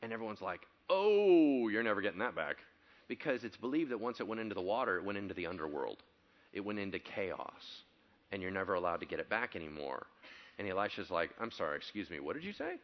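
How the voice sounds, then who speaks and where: A male pastor preaching a sermon, telling stories animatedly, acting out quotes and building to loud excited passages. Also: sits low, fast, muffled recording.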